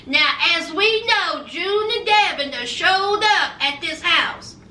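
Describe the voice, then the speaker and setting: A woman's voice: very high voice, lively intonation, slow pace, bright, forceful tone, far from the mic. A woman reviewing reality TV in a casual, sassy vlog, calling her viewers honey and y'all. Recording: roomy echo, a bit off-mic.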